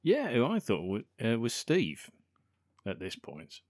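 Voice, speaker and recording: A man's voice: medium pitch, wildly swooping pitch, unhurried, a little mellow, no room sound, studio quality. A man co-hosting a podcast, chatting about a film and often ending remarks with "isn't it?". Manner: chatty, ends remarks with tag questions. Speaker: podcast co-host. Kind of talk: casual chat about a film.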